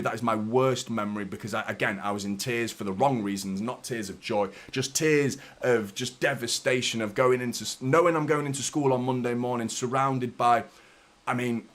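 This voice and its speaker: Male fan-channel host, thirties, casual and rambling, mid-pitched voice. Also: a bit bright. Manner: chatty, rambling, repeats "do you know what I mean". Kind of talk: casual vlog chat.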